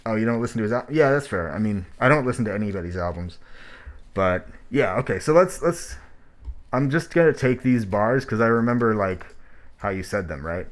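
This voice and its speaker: A man's voice: mid-range voice, lively intonation, fairly quick. A man hosting track reviews in casual spoken critique, talking in a blunt, rambling, profane way, his voice muffled by a mask. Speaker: host reviewing rap tracks.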